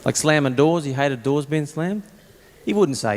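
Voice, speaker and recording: A man's voice: fairly high pitch, normal speed, long reverb tail. A man with an Australian accent doing stand-up, telling family stories in a dry, exasperated way. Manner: dry, exasperated storytelling with deadpan asides. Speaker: stand-up comedian. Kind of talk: stand-up storytelling. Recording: loud background noise, stand-up clip.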